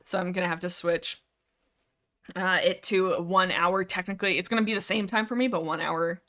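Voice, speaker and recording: A young woman from Canada hosting a casual livestream chat about books, rambling and animated, reading chat aloud. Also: lowish voice, moderate pace. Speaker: livestream host.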